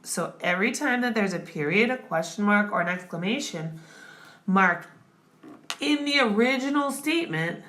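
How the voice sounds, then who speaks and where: A woman's voice: medium pitch, expressive, normal speed, fairly bright tone. A woman tutoring grammar, explaining step by step and checking in often with the listener. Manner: patient, checks in with "okay?" and "right?". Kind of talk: classroom explanation.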